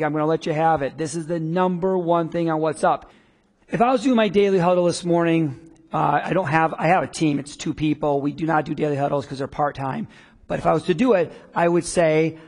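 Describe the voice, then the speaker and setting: A man coaching a room of business people in a live workshop, talking in a lively, conversational way and acting out quotes. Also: on the high side, fairly quick. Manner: energetic, conversational, acts out quotes. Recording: long reverb of a hall.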